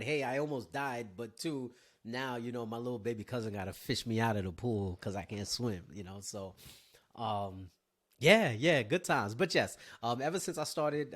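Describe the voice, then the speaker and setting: Animated man telling stories on his podcast. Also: medium pitch, moderate pace. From Haiti. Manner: animated storyteller, swears and laughs freely. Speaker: podcast host. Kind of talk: casual solo podcast storytelling.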